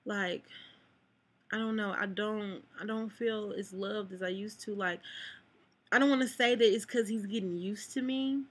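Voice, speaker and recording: Recorded on her camera mic, a young woman vlogs about something personal and emotional, rambling, saying "like" constantly, and at times close to tears. Her medium-pitched voice is steady, unhurried, and slightly rough.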